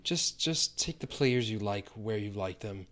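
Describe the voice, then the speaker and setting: A man co-hosting a podcast, giving tips in relaxed, teasing banter. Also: fairly low pitch, a little slow. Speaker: podcast co-host. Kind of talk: casual chat.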